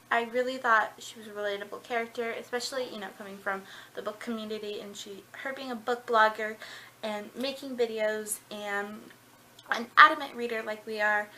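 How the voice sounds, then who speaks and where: A young woman chats through a casual book review vlog, bubbly and gushing, her talk full of filler words. Her voice sits a little high and sounds bright. Faint hiss lingers under the recording. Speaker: book vlogger.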